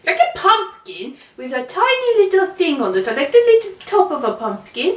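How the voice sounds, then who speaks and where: A woman's voice: high voice, very animated, a little fast, far from the mic. A woman playing a vain, muddled self-styled queen. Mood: boastful. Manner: haughty, rambling, sing-song. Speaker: improvised interviewee. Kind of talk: improvised comedy interview. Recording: echoey room, off-mic.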